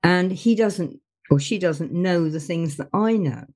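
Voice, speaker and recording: A middle-aged woman from the West Midlands of England hosts a relaxed interview. Her voice sits a little low for a woman, and she talks in an animated way, laughing often and slipping into playful voices. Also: a little slow. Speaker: podcast host. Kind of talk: casual interview chat.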